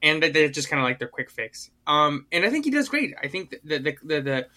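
A man's voice: fairly high pitch, expressive, a little fast, pushed and bright. A man co-hosting a podcast in casual chat, rambling with many fillers and restarts. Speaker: podcast co-host.

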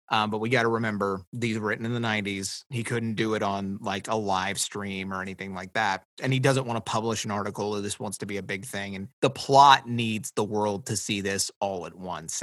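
A man co-hosting a casual book discussion podcast, sarcastic and animated, mocking others in quick put-on quotes. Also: fairly low pitch, dry recording. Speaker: podcast co-host.

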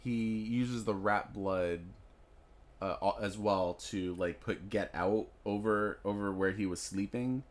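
A man's voice: fairly low pitch, slow pace. A man co-hosting a podcast, talking through his theories on a movie in a thoughtful, casual way with plenty of fillers. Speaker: podcast co-host.

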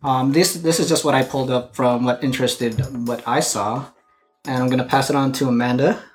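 A man's voice: medium pitch, fairly even intonation, a little fast, faint music behind. A man hosting a casual gaming podcast, playful and joking as he runs the topics. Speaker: podcast host. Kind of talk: casual chat.

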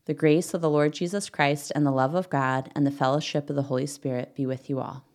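A middle-aged woman hosting a faith podcast, gently teaching, leading prayer and reading aloud in an earnest way. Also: deep voice, steady tone, a little fast. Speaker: podcast host.

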